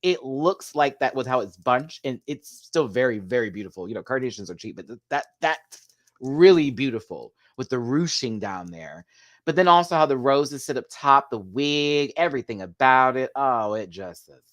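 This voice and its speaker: Man, live review host, excitable, chatty, laughs a lot, swooping pitch. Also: normal speed. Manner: gushing, excitable, laughs often; chatty, talks back to viewers' comments. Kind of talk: live video review chat.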